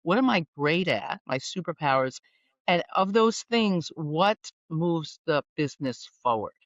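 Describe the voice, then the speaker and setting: A woman executive coach talking on a podcast, animated and playful, fond of wordplay. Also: sits low, unhurried, no room sound, lo-fi sound. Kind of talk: conversational podcast interview.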